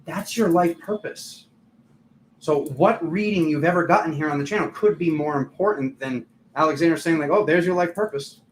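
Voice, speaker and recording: Chatty higher-voiced man reading tarot. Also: normal speed. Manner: chatty, filler-heavy, laughs at himself. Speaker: tarot reader and channel host. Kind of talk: casual live tarot reading. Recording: echoey room, faint background noise.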